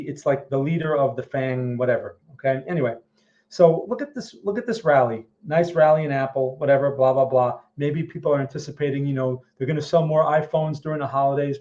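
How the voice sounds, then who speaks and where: A man's voice: medium pitch, fairly quick, a little mellow, highs cut off. A man hosting a live-stream chart analysis, blunt and emphatic, often asking "okay?". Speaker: trading analyst host.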